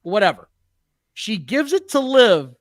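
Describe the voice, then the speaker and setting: Podcast co-host, male, high bright voice, blunt ranting delivery, dry close sound. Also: sing-song, measured pace, dry recording. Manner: blunt, exasperated rants with profanity. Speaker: podcast co-host reviewing wrestling. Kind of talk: casual chat.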